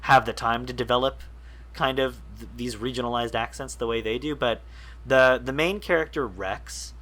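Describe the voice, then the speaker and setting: A man with a mid-range, slightly bright voice co-hosts a casual gaming podcast at a moderate pace. He's an enthusiastic, rambling explainer who goes on at length, packed with fillers and restarts.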